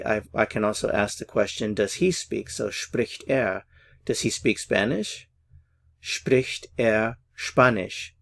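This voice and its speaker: A man teaching a language lesson, saying example phrases slowly and carefully. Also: mid-range voice, creaky. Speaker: German teacher.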